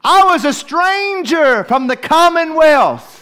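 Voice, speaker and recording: A man's voice: very high voice, sing-song, slow pace, bright, forceful tone, soft background music. A man preaching a verse-by-verse Bible study in a church, emphatic and repetitive, not from Australia. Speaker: pastor.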